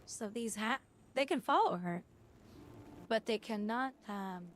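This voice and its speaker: A woman streamer chatting casually while she plays, telling stories in a chatty way with a slightly high voice. A faint noise floor sits behind her. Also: lively intonation, a little slow. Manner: chatty storytelling with restarts. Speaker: game streamer. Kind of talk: casual chat while gaming.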